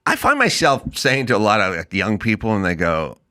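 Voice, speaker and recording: In relaxed interview chat, a middle-aged podcast host tells stories on his talk show with animation, acting out quotes in mocking voices. His voice is on the low side and his pace brisk.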